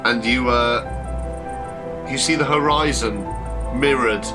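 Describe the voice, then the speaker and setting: A man runs a tabletop horror game, describing scenes in a halting way with many fillers. His pitch sits in a middle range. Music plays clearly behind him. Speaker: game master.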